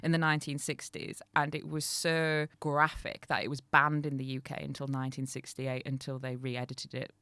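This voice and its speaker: A young woman co-hosting a comedy podcast, telling stories with lively acted-out quotes. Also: extremely low pitch, moderate pace, hardly any pauses, smooth, dry recording. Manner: animated storytelling, acts out quotes. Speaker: podcast co-host. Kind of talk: casual comedic chat.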